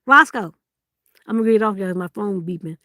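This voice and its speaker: A woman's voice: medium pitch, brisk, pushed and bright, dry recording, clean studio sound. A woman hosting a live-stream sale in casual chat, teasing and laughing as she reads out viewers' comments.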